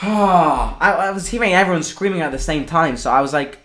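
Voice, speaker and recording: A young man hosting a live football watchalong, excitable, breaking into shouts and swearing. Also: a little high, normal speed. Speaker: fan channel host.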